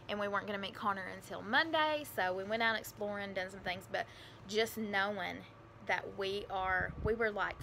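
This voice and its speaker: Bright-voiced woman telling a heartfelt story. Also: medium pitch, slight background noise. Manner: emotional, rambling, with many fillers and restarts. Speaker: vlogger telling her adoption story. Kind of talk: casual personal storytelling.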